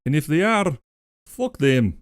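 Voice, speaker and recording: A bellowing goat comrade with a thick put-on Russian accent, as a man puts him on, ordering listeners to love themselves and cursing between slogans. His pitch swings widely and the sound is dry and close. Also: big pitch swings, unhurried, no room sound. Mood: mock-stern. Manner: mock-stern, barking slogans, profane. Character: boisterous male goat communist comrade giving pep talk. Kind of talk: comedic affirmation bit on livestream.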